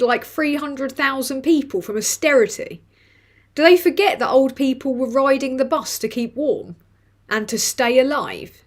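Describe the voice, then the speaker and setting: A woman hosting a casual live stream, reading chat comments aloud with swearing and laughter. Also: a little high. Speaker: livestream host reading chat.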